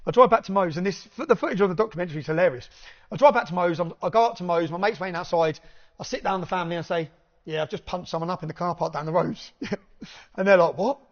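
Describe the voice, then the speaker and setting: A man telling an animated anecdote in casual chat, swearing freely and laughing between lines. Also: sits high, fast talker. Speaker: podcast guest. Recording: dull lo-fi recording.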